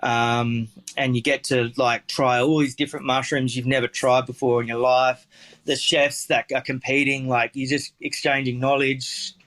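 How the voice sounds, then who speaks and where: A man's voice: medium pitch, level tone, normal speed, a bit bright. A man with an Australian accent, a chef telling stories in a casual interview, rambling with lots of fillers and restarts.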